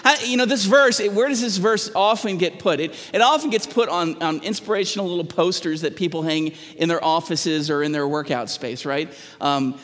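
Give me a middle-aged man preaching a sermon in earnest, questioning tones, restarting words as he pushes his point. His voice sits a bit high for a man, and it rings out with a long reverb through a large church hall. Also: normal speed, a bit bright. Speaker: pastor.

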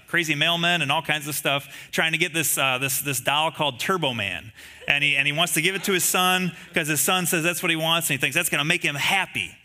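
A man delivering a sermon as a pastor, his voice very bright and a little high for a man. He talks to the congregation conversationally, leaning on rhetorical questions. He acts out the lines of the people in the story with animated storytelling.

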